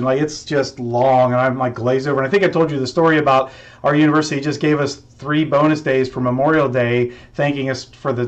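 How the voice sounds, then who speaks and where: A man hosting a podcast interview, talking in a lively, chatty way and often restarting his sentences. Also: medium pitch. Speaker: podcast host. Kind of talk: casual interview talk. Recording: dull lo-fi sound.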